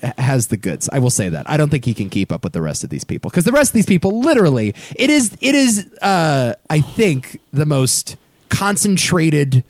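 A man co-hosting a casual film podcast, talking in an exasperated, lively way and swearing freely. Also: on the high side, normal speed, no echo, studio quality. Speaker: podcast co-host.

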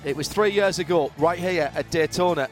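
A man hosts live race coverage from a booth above the track, his voice sitting high. He builds his lines in an expansive, lyrical way. Faint music plays underneath. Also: normal speed. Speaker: race broadcast host. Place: commentary booth above a racetrack.

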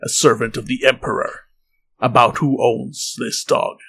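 A man voicing a stern, imperious male space marine warrior in a tabletop game, with loud, slow, commanding pronouncements. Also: mid-range voice, flat delivery, gravelly, breathy edge, heavily acted. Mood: interrogating.

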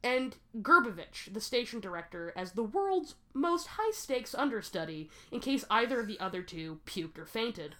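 A woman's voice: fairly high pitch, very animated, moderate pace, few pauses, fairly bright tone. A woman hosting a podcast, telling a history story in casual chat and often breaking into laughter. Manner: laughs often, reads history with joking asides. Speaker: podcast host.

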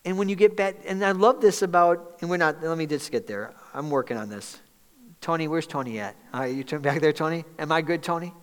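Speaking in a reverberant church hall, a middle-aged male pastor preaches in a conversational manner and quizzes his congregation. His voice runs high, and he sounds expressive and brisk.

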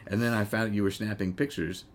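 A man's voice: fairly low pitch, steady tone, a little fast. A man hosting a casual podcast interview, rambling and courtly, with many hesitations and laughs. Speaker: podcast host. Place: living room couch.

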